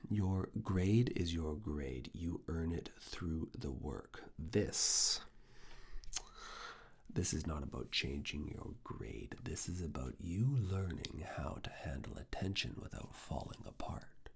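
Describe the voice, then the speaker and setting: A creator in a whispered role-play as a university professor, coaxing and quietly commanding, close to the mic. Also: very deep voice. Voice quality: breathy whisper. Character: teasing university professor giving private review. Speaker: ASMR roleplay creator.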